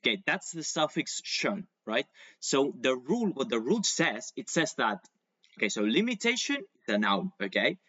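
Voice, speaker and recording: A man's voice: mid-range voice, big pitch swings, normal speed, bright, forceful tone. A man whose first language is Spanish teaches English on a video call, and his speech rises and falls a great deal. He explains patiently and stretches words to show the stress. The sound is dull and dry, with no room echo. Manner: patient, explains with examples and over-exaggerated pronunciation. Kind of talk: online English lesson.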